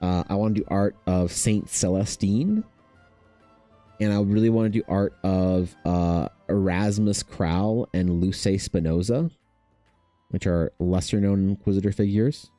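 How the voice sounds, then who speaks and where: A young man chatting casually while drawing on his art stream, telling stories in a rambling, animated way full of fillers. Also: deep voice, measured pace, faint music behind. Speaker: artist hosting a drawing stream.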